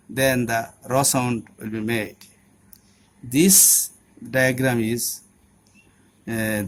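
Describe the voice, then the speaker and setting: Very slow male teacher. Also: medium pitch. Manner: deliberate, repeats sounds and words one by one. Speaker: English pronunciation teacher. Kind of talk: instructional lesson.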